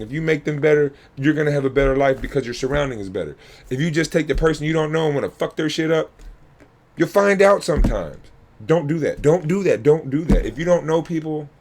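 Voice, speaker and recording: A man's voice: fairly high pitch, expressive, brisk, slight background noise. A man, a youth coach, giving heated reaction commentary, emphatic and angry, repeating himself and swearing. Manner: angry and worked up.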